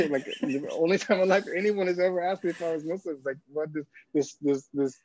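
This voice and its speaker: A man's voice: on the high side, brisk, darkish tone. A man from California, a guest telling a personal story with humor, laughing often and repeating words as he goes. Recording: dull, dry lo-fi sound.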